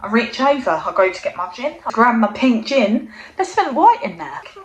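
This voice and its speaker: A young woman casually telling a comic story, swearing often in a deadpan way. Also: a little high, moderate pace, crowd noise. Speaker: vlogger. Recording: roomy echo.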